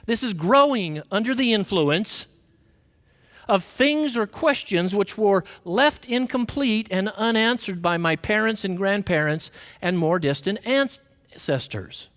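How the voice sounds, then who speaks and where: A man giving a conversational Sunday sermon, asking the congregation questions and acting out quoted voices with big swings in pitch. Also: a bit bright. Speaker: minister giving a Sunday talk. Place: church sanctuary. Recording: long reverb of a worship hall.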